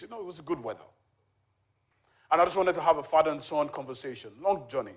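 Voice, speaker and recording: Standing before a church congregation, a charity volunteer in his forties gives a personal testimony. He tells the story loosely and conversationally, pausing often on small fillers, and his voice sits a little higher than most men's.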